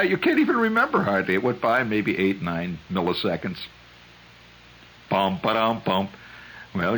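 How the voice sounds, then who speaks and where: A man hosting a radio show, spinning a rambling, chuckling monologue that climbs high when he gets worked up. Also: a little hiss or hum, rough recording. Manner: digressive storyteller, chuckles often, voice climbs high when excited. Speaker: radio host.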